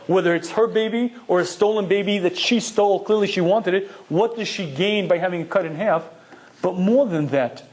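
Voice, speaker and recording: Male lecturer, Torah class, higher voice, emphatic, asks and answers his own questions. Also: darkish tone. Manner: emphatic, rhetorical questions, Hebrew terms. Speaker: Torah teacher.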